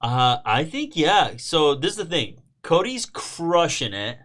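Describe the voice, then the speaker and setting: A man co-hosting a casual show, joking around in a halting way, with a New Jersey accent. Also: on the high side, sing-song, a bit bright. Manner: joking, halting, many fillers. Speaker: podcast co-host. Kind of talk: casual chat recap.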